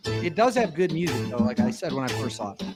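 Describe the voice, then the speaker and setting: A man's voice: on the high side, big pitch swings, quick pace, over loud music. Mocking, incredulous male commentator. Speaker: commentary host. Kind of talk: opinionated commentary.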